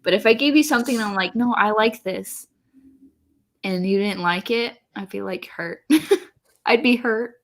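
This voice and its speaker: A woman's voice: medium pitch, normal speed. Giggly woman in casual chat. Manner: giggly, warm, emotionally open. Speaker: co-host.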